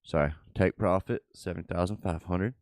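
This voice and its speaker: At a moderate pace, a man with a low, slightly mellow voice casually talks through his crypto trades live on his channel, tossing off muttered remarks to himself. The recording is dry.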